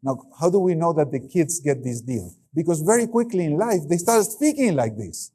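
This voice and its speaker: A middle-aged man giving a keynote lecture, animated and acting out the voices he quotes. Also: fairly high pitch, moderate pace. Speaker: keynote speaker.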